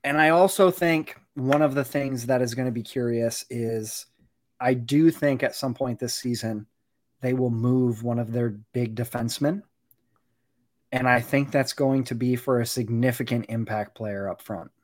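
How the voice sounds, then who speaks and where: This man co-hosts a casual sports chat. His voice sits at an ordinary pitch for a man. He lays out his points in a steady, analytical way. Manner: measured, analytical, fond of "you know". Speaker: podcast co-host, hockey analyst.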